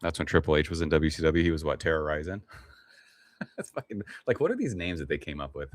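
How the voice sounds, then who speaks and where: Middle-aged male stream host, very deep and laid-back, rambling and cussing casually. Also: animated, fast, no echo. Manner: laid-back, rambling, swears casually, reads chat aloud. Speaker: livestream host. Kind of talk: casual live-stream chat.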